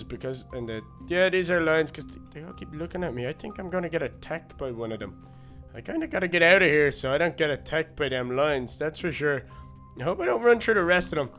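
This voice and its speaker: A silly, excitable little baby duck, as a man puts him on, chattering to himself in a high, bright, clean voice. He rambles on nervously through a game role-play. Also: clear, resonant tone. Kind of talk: Minecraft role-play narration.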